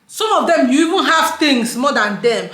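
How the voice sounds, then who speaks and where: A woman with a Nigerian accent tells her story straight to camera in a casual vlog, her voice sitting a little high. She talks freely, drops into pidgin and laughs through her complaints. The room around her rings with a noticeable echo. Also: sing-song, normal speed, a bit bright. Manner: chatty, mixes in pidgin, laughs while ranting. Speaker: vlogger. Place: indoors at home, daylight.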